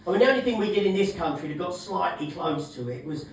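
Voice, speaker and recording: Male stand-up comic, brash, sweary, booming room echo, distant mic, audible room noise. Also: animated, fast, gravelly. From England. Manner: brash, sweary, shouting punchlines. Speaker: stand-up comedian. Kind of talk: stand-up set. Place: comedy club stage.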